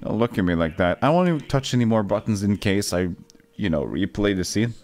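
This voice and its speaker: A man playing a game for a video, joking sarcastically and jumping into sudden loud, high yelps. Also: expressive, a little fast. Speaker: gaming YouTuber. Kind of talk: let's play commentary.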